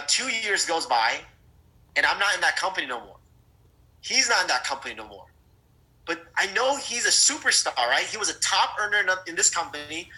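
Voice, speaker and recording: A middle-aged man telling a story in a sales training talk. He is animated, often restarts and repeats words, and speaks straight to his audience. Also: high-pitched, low-quality recording. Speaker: network marketing trainer.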